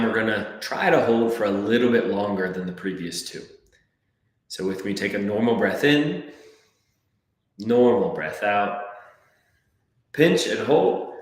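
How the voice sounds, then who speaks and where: A man coaching a breathwork class, calmly counting and giving gentle step-by-step cues. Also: lowish voice. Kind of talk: guided breathwork class instruction. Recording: very echoey room.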